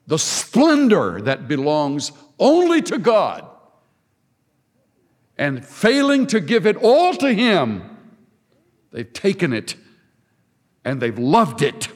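Slow, emphatic preacher man in echoing hall. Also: fairly high pitch, husky. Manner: emphatic, dramatic pauses and repetition. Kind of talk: sermon. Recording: long hall reverb.

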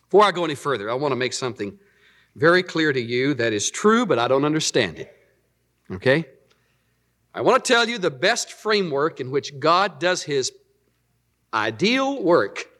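A middle-aged man preaching a sermon in an animated, storytelling way. His pitch sits a touch high and swings widely. He talks to the congregation like he's chatting with them. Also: moderate pace, long pauses. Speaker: pastor.

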